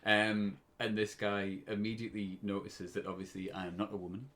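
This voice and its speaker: A man's voice: fairly low pitch, level tone, brisk, a bit bright. A British man in his twenties telling a story on a casual podcast, often breaking into laughter. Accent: British English. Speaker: podcast co-host.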